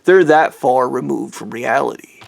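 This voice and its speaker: A man's voice: medium pitch, moderate pace, vocal fry, no echo. A man ranting angrily and bitterly, swearing heavily as he tells a personal story. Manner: angry, bitter, heavy swearing. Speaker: vlogger. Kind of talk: profane personal rant.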